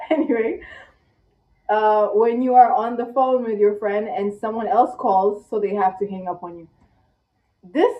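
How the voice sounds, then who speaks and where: A tired young woman vlogging casually in one take, chatty and dramatic, with squeaky rhetorical questions. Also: moderate pace. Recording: echoey room, distant, dull mic.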